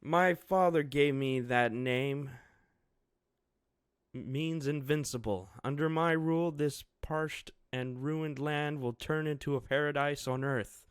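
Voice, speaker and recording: A man putting on a young shogun making a grand formal speech, raised and loud, crisp and dry. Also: fairly high pitch, slow pace, no room sound, pitched above the performer's own voice. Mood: rousing. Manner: declaiming, formal. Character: young male shogun, proud, solemn, commanding.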